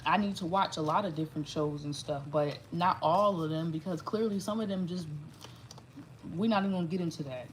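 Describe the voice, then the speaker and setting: A woman giving a casual, rambling tarot reading, talking animated and profane. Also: on the low side, a little fast, a little hiss or hum, rough recording. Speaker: tarot reader.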